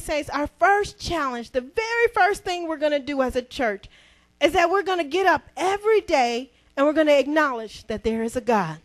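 A woman pastor, preaching a sermon with emphatic call-and-response and near-shouts. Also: extremely high pitch. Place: church.

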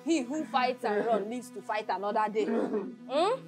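A gentle Nigerian mother who soothes her son with soft, repeated reassurances. Her voice is high and moves freely up and down. Film music plays behind her. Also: animated, measured pace. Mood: soothing. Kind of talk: Nollywood film acting.

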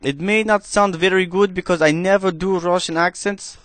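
A man doing gameplay commentary in a cheesy put-on Russian accent, speaking halting, broken English into a headset. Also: sits high, steady tone, fairly bright tone, no room sound. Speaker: gaming commentator.

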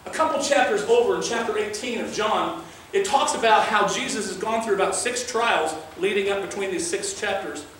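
Speaking high and a bit bright, this pastor moves at a moderate pace with hardly any pauses, delivering an earnest, conversational sermon laced with scripture. Slight background noise runs under a very reverberant room, the microphone distant.

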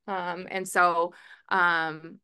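A woman softball head coach answering reporters at a press conference, chatty, with many fillers and restarts. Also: fairly low pitch, little pitch movement, extremely slow, clean tone. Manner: calls herself a verbal, loud coach. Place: press room.

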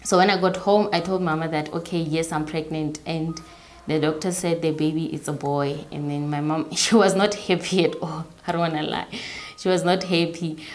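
A young woman telling a personal story in an interview, halting and repeating herself, softly voicing what others said. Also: deep voice, steady tone.

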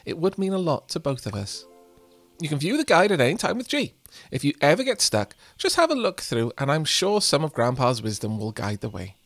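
Guy doing a fussy old nana voice, high and swooping all over, dry close mic. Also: big pitch swings, dry recording, soft background music. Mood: doting. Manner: fussy, doting, rapid questions. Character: fussing elderly grandmother, doting and chatty.

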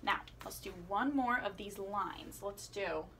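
A woman teaching children a playful singing lesson, asking questions and encouraging them as she swoops her voice high and low. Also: measured pace, a bit bright, slight background noise. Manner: encouraging, asks the listener questions. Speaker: music teacher.

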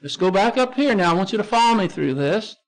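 A man's voice: high voice, expressive, fast talker. A man with a Texan accent teaching a Bible lesson as pastor, explaining Greek words step by step and spelling them out letter by letter. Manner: explains word by word, spells out Greek terms, frequent restarts.

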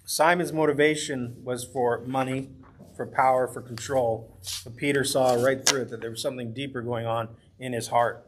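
A man's voice: medium pitch, steady tone, normal speed, slight background noise. A man teaching a Bible study as pastor, in an earnest, conversational way, sometimes acting out the voices he quotes.

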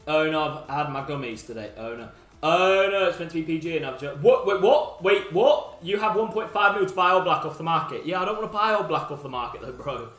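A young man with a high voice chats and jokes with his viewers while opening packs on a live stream, teasing them and yelling now and then. His voice rings around a roomy space, with game music faintly underneath. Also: animated, a little fast. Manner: banter with chat, teasing viewers, sudden shouts. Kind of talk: live-stream gaming chat.

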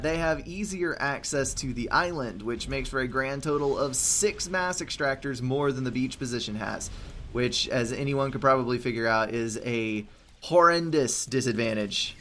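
A man's voice: medium pitch, normal speed, bright, forceful tone, slight background noise. A man giving casual gameplay commentary, explaining positions in a dry, slightly sarcastic way. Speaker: game commentator.

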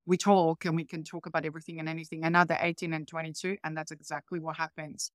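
A woman's voice: low voice, little pitch movement, fast talker, dry recording, studio quality. Earnest woman with a Croatian accent. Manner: earnest and reflective, non-native grammar. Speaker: podcast guest, healer coach. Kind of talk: interview answers.

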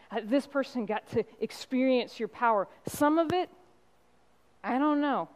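Woman pastor, middle-aged, impassioned sermon delivery, storytelling with pointed pauses. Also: a little high, lively intonation.

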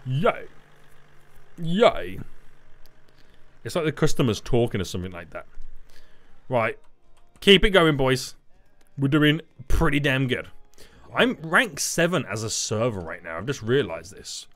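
A young man giving excitable, jokey commentary over gameplay, talking to chat and teammates. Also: medium pitch, measured pace, long pauses, faint music behind. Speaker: gaming YouTuber. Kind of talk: energetic Roblox gameplay commentary.

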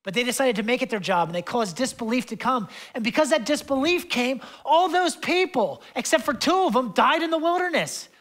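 Young guy pastor preaching, super casual and chatty, lots of "like", gets fired up then goes quiet, passionate. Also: very high-pitched, expressive, a little fast, hardly any pauses. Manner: conversational preaching with fillers and asides; passionate, swings between loud and hushed. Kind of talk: sermon.

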